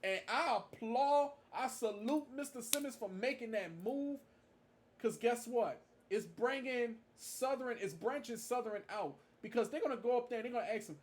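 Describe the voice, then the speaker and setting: A man's voice: very high-pitched, moderate pace. A man giving a casual tribute monologue, stressing his points by repeating them. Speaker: marching band fan vlogger.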